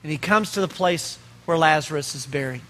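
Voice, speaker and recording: A man preaching a sermon as pastor, asking rhetorical questions and pausing for effect. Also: fairly high pitch, bright, forceful tone.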